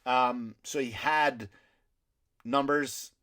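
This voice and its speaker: A man's voice: medium pitch, fairly even intonation, drawn-out words, a bit bright, clear, resonant tone. A male comedian hosting his podcast, telling a rambling, profane story with indignant asides.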